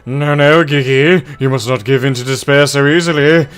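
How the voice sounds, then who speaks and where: A man voicing a grandiose, self-assured gentleman adventurer for a game, declaiming in flowery, old-fashioned phrases. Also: medium pitch, normal speed, smooth, soft background music, natural voice. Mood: rallying.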